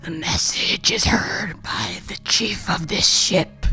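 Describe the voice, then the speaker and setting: A woman voicing a slow, whispering alien with a pinched, crab-like mouth in an amateur radio drama. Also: lowish voice, sharp tone, faint music behind. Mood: eerie.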